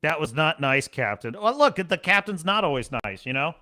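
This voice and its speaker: Animated, bright-voiced male streamer. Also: on the high side, moderate pace. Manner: animated, rambling, laughs often. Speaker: livestream show host. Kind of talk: casual livestream chat.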